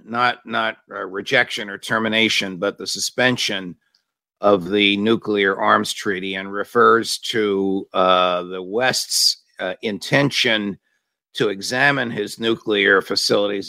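A man's voice: fairly low pitch, vocal fry, pushed and bright, dry recording. A man hosting a talk show interview, asking pointed, opinionated questions. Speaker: host.

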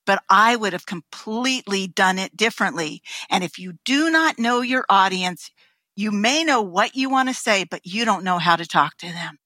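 Animated bright-voiced woman telling stories. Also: mid-range voice, normal speed, no echo. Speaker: podcast guest. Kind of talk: casual storytelling.

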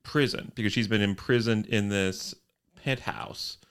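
A man co-hosting a casual podcast recap, talking in a dry, wry way with deadpan asides. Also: lowish voice, unhurried, clear, resonant tone. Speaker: podcast co-host.

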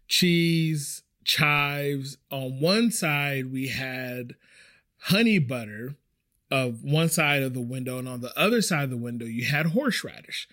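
A young man hosting a podcast, telling a rambling, animated story about a bad work shift, swearing casually as he goes. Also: on the high side. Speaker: podcast host.

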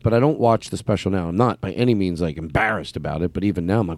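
With a low, darkish voice and a fast delivery, a comedian hosting a podcast after-show wanders casually through conversation, restarting and cutting himself off amid many fillers. There's no echo.

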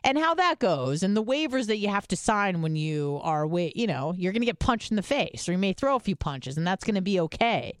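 A woman's voice: medium pitch, big pitch swings, fairly quick, hardly any pauses, no room sound, clean studio sound. A woman co-hosting a podcast, telling stories in casual chat and swearing freely. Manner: chatty storytelling, swears freely. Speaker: podcast co-host.

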